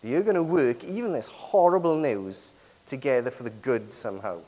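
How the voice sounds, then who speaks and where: A man preaching a sermon with lively emphasis, many rhetorical and tag questions to the congregation. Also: medium pitch, moderate pace. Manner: lively, rising and falling emphasis. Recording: long hall reverb.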